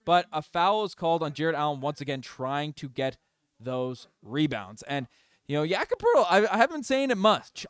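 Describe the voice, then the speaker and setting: A man streaming fan play-by-play of a basketball game, excitable and openly partisan, talking to his chat. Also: a little high, clean tone, no echo. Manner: excitable, biased home-team fan chatting with his chat. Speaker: streamer doing live play-by-play. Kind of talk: fan play-by-play livestream commentary.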